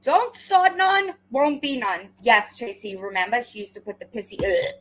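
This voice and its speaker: A woman's voice: on the high side, expressive, normal speed, low-quality recording. A woman commentator reacting to a livestream clip, confrontational and sarcastic, often restarting her words.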